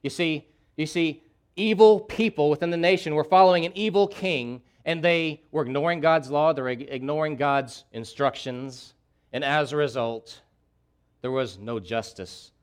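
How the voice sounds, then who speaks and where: A man's voice: on the high side, moderate pace, clean tone. Impassioned preacher man repeating for emphasis. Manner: impassioned preaching with emphatic repetition, voicing a prophet's pleas. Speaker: pastor. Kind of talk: sermon.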